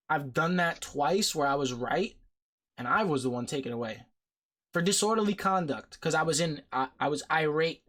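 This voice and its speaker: A man's voice: a little high, fairly bright tone. A man hosting a podcast discussion, talking bluntly and heatedly, with frequent swearing. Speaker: podcast host. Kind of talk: casual discussion.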